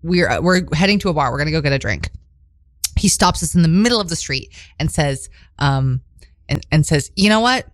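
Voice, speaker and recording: A young woman co-hosting a podcast, telling a story in a casual, animated way, laughing often and acting out quotes. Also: deep voice, fairly quick, no room sound, studio quality. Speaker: podcast co-host.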